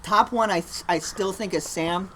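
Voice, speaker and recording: A young man tells a work story on a casual podcast, acting out every quote and laughing along. His voice is bright and a touch high. A faint noise hangs behind him. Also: normal speed. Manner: animated storyteller, acts out quotes, laughs often. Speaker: podcast co-host.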